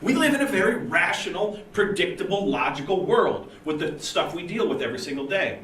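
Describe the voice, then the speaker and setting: A man giving a conference talk to a room of engineers, chatty and lively, acting out the people in his stories. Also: sits high, a little fast. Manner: lively, conversational, acts out quoted people. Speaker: conference speaker. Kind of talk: technical conference talk with storytelling. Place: meeting room at a user group event. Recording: roomy and distant with faint noise.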